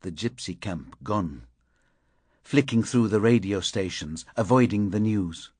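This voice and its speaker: Slow, low-voiced male audiobook narrator. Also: expressive, a little mellow, breathy edge, no room sound. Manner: clipped, fragmentary phrasing. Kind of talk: first-person crime novel narration.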